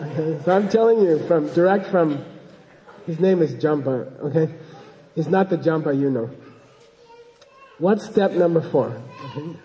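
A man's voice: on the high side, lively intonation, measured pace, pauses often, mellow, long reverb tail, low-quality recording. A man giving an informal dharma talk as a Buddhist teacher, rambling and joking and often checking in with his listeners.

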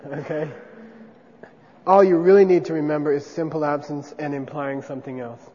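This man teaches a class on Buddhist philosophy with a warm, slightly high voice, moderate pacing, and fairly even intonation. He keeps things conversational, often pausing to ask "okay?" of his listeners. Sound quality is dull and lo-fi, carrying a long reverb.

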